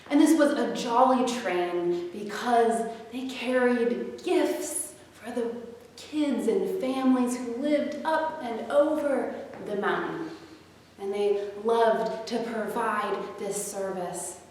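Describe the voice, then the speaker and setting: A woman gently narrating a children's story with playful sound effects during a chapel service. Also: medium pitch, slight background noise. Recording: echoey hall from far off.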